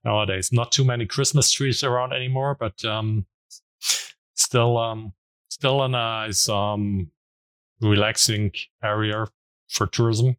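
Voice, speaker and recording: A man's voice: fairly low pitch, fairly even intonation, a little slow, smooth, no echo, low-quality recording. A man with a German accent, a guest scientist speaking English as a second language in a hesitant way, full of ums and uhs. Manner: hesitant, many ums and uhs, laughs easily. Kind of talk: interview answers.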